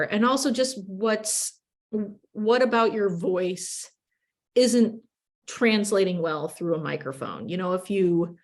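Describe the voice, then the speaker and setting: A woman with an upper Midwestern accent talks as a radio journalist being interviewed. Her pitch sits at an ordinary middle height. She speaks in lively quick bursts and keeps correcting herself mid-sentence. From upper Midwest of the United States. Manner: chatty and animated, quick bursts with self-corrections and laughs. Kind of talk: casual interview answers.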